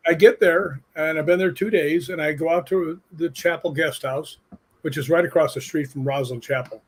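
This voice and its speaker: Man, husky voice, lively storyteller who acts out the people he quotes, interview guest. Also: fairly high pitch, normal speed. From United States. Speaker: guest, stunt coordinator and paranormal investigator. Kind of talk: casual anecdote telling.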